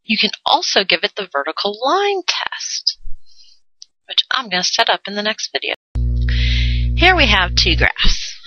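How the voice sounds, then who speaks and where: A woman's voice: mid-range voice, sharp tone, no room sound. A woman teaching a math lesson in a playful way, adding silly sound effects and jokes. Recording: dull lo-fi dry recording.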